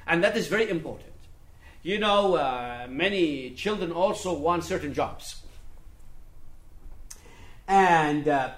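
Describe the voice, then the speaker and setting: A man preaching a sermon, dropping to quiet asides and then building to forceful, emphatic passages, often repeating key phrases for stress. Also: on the high side, echoey room.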